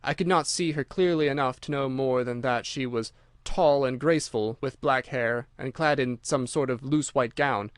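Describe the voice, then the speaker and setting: Male audiobook narrator, mid pitch, measured delivery, dry close recording. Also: no room sound. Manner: measured, steady storytelling. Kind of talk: scripted narration.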